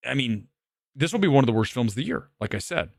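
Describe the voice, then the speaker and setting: A man's voice: mid-range voice, very animated, fast, gravelly, no echo, clean studio sound. A man hosting a movie review livestream, ranting in a combative, profane and self-assured way.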